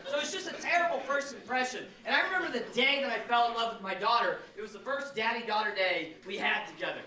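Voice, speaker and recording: A man doing a loud, profane stand-up comedy set, telling brash stories. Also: very high-pitched, fast, a crowd in the background. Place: live comedy venue. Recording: echoey live room from far off. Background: audience laughter.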